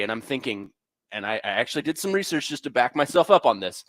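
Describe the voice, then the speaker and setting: A man's voice: medium pitch, fairly quick, no echo. A young man co-hosting sports radio in a studio, telling stories with sarcasm and lots of fillers. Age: young adult. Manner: animated storyteller, sarcastic, full of fillers. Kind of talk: sports talk radio banter.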